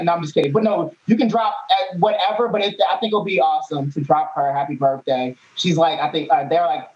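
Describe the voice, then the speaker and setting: A man's voice: fairly high pitch, a little mellow. A man hosting a live-streamed show, talking loosely, joking and laughing often. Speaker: host. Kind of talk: casual live-stream chat. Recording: muffled lo-fi audio.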